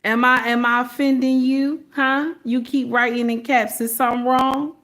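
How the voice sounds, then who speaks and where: A woman's voice: sits high, level tone, normal speed, a bit bright. A woman in her forties with a Southern US accent, talking casually and preachily on a livestream and calling her viewers "baby". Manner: preachy, sassy, talks straight to viewers with "baby" and "okay?". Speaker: livestream host.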